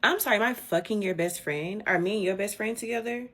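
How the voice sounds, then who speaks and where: A woman telling a personal story in an indignant, animated rant with swearing. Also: mid-range voice, fast talker, breathy edge.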